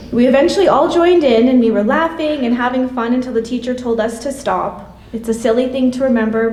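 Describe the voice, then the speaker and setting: Woman in her late 30s reading a memorial tribute, slow and gentle, kinda far from the mic, church echo. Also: fairly high pitch. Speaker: classmate giving a memorial tribute. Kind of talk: reading a prepared eulogy. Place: church hall. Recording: echoey hall from a distance.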